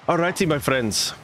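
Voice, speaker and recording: A man's voice: a little high, vocal fry, a bit bright. A man casting a live esports match, hyped and chatty, greeting viewers while calling the play. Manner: hype, chatty, greets viewers mid-call. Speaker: stream host and caster.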